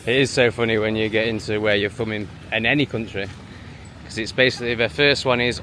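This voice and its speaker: A man's voice: lowish voice, steady tone, brisk, bright, forceful tone, a little hiss or hum. A man talking in a walking vlog, dismissive and sneering, out on a busy street. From England. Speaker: vlogger.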